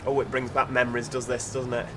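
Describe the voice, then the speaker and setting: A man's voice: mid-range voice, little pitch movement, quick pace, noisy background. Chatty man streaming a game. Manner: chatty, reads out chat messages while driving. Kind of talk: casual livestream commentary.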